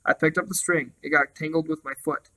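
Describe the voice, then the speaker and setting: A man voicing a foolish, frightened young male crow in a storybook reading, speaking in a hurried, pleading way. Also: fairly high pitch, steady tone, sharp tone, poor audio. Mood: anxious.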